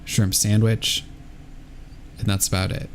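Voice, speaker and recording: Low-pitched, relaxed American man, hesitant gamer chatter, faint background hiss. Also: unhurried. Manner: laid-back, hesitant, lots of ums. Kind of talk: casual gaming chat.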